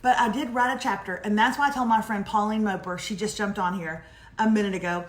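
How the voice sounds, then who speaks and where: A woman in her forties, co-hosting a live morning show and telling stories in a chatty, animated way. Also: medium pitch, a little fast. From Texas. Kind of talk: casual live chat. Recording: echoey room.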